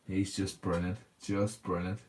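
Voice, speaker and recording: A man's voice: sits low, level tone, a little slow, a little mellow, a little hiss or hum. Chatty man, laughing often. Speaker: livestream host. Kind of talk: casual livestream chat reading viewer comments.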